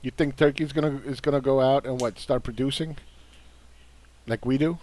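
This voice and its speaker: A man talks through a market overview with a combative, dismissive edge. His voice sits at an ordinary middle pitch. He leans on repeated words to drive his points home. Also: fairly even intonation, normal speed, a little mellow. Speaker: investing commentator. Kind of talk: casual market commentary.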